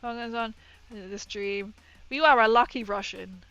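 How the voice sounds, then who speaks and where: A woman hosting a casual live stream while she paints miniatures, chatting excitedly and greeting her viewers. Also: on the high side, unhurried, dry recording, highs cut off, faint music behind. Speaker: livestream host painting miniatures. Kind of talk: casual livestream chat.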